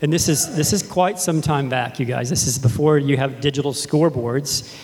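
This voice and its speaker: A man's voice: medium pitch, moderate pace, a little mellow. A middle-aged man from Texas preaching a conversational sermon, telling stories and asking the congregation questions. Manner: casual, conversational, addresses the congregation directly. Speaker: pastor. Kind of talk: sermon with storytelling. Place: church sanctuary. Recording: long hall reverb.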